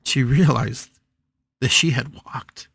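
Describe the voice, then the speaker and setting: A man's voice: mid-range voice, slow pace, creaky, fairly bright tone, husky, no echo, studio quality. A man hosting a spiritual podcast, telling a story dramatically with emphatic repetitions. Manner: dramatic, emphatic, repeats phrases for effect. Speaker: podcast host.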